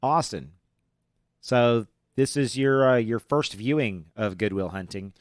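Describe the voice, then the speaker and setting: A man's voice: mid-range voice, measured pace, no room sound, studio quality. A man hosting a movie podcast in casual chat, rambling with many fillers and restarts. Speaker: podcast host.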